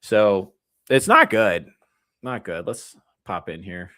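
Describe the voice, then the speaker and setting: Male comedian, thirties, low register; loose profane streaming rant, rambling with animated mock quotes. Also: slow. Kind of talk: casual rant to a live chat.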